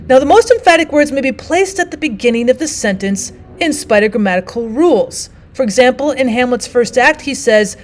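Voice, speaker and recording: A woman's voice: on the high side, a little fast, few pauses. A woman teacher narrating a recorded language arts lesson, explaining and reading quotes aloud with emphasis.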